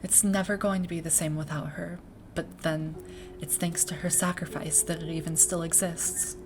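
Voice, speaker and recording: A woman reading the lines of a weary young leader of an academy in a video game, speaking softly and reflectively. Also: fairly low pitch. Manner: soft, subdued, reflective. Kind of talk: reading game dialogue aloud.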